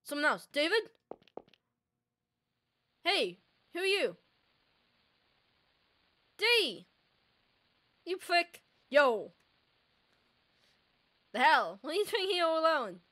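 Young woman gamer, high crisp voice, excitable, reads in-game dialogue aloud. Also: slow, long pauses. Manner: excitable, reacting aloud, reading character lines. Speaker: let's play gamer. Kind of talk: casual gameplay commentary reading dialogue aloud.

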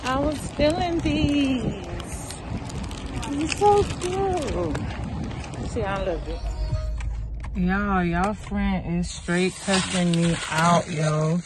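A woman filming a casual vlog, talking to viewers in a relaxed, chatty way full of slang. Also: medium pitch, slow. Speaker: vlogger. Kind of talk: casual vlog chat to camera. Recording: loud outdoor and car noise. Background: traffic and street noise.

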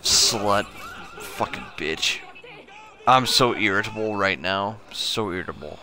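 A drunk man streaming a game, talking slowly and irritably, swearing all the time as he comments on play. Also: on the low side, pushed and bright, a faint crowd. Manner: slow, slurred, irritable, swearing constantly. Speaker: gaming streamer. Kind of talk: profane drunk gameplay commentary.

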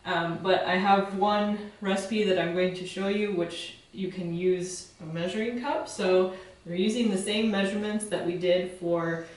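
A woman's voice: medium pitch, steady tone, a little slow, distant mic. A woman giving a casual home demonstration, explaining each step in a friendly, plain way with some fillers and restarts. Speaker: soap-making instructor. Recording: very echoey room, voice from away from the mic.

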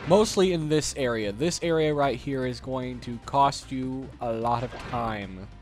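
A man's voice: mid-range voice, unhurried, a little mellow, faint music behind. A man giving casual, jokey commentary while playing a video game, grumbling at the levels. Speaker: let's play host.

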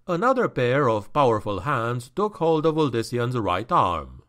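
A man narrating a dark fantasy novel in a slow, dramatic and expressive audiobook reading. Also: mid-range voice.

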